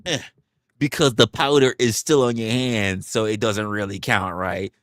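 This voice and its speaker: A young man hosting a livestream, telling a story in a candid, profane, animated way. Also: on the low side, a little slow, no echo, studio quality. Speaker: livestream host.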